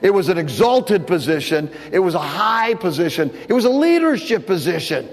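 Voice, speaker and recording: A man's voice: sits high, big pitch swings, moderate pace. Man preaching in a reverberant hall. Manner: casual storytelling with repeated restarts. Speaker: pastor. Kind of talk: sermon.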